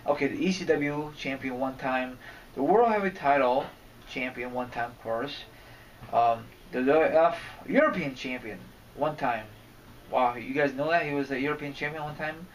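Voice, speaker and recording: A man's voice: mid-range voice, normal speed, lo-fi sound. A man giving a rambling, casual rant as a wrestling fan vlogger, cursing and getting irritated as he goes. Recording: distant mic, faint background noise.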